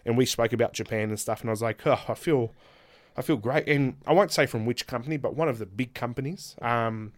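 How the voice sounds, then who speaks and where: An Australian man in his thirties, a guest on a casual podcast, telling candid, animated stories, swearing and laughing often. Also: medium pitch, quick pace, few pauses, dry recording. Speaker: guest, pro wrestler.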